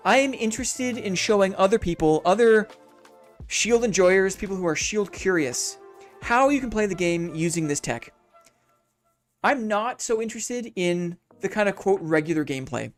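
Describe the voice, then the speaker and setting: Upbeat high-voiced male game streamer. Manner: upbeat, reflective, chatty. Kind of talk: casual live-stream chat.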